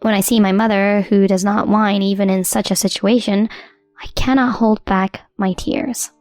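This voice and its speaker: A woman narrating a scripted first-person story in an even, measured way. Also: mid-range voice, no echo, faint music behind.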